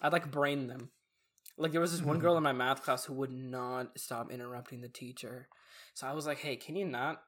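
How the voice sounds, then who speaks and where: A man's voice: medium pitch, fairly even intonation, brisk, a bit bright. A young man in casual chat, laid-back and reflective, telling school stories and reacting with short quips.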